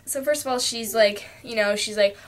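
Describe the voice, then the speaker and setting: A woman's voice: fairly high pitch, normal speed. A young woman ranting to camera in a casual vlog, chatty and full of fillers, recorded on a cheap camera mic. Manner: chatty, lots of fillers, jumps into quoted voices. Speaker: vlogger.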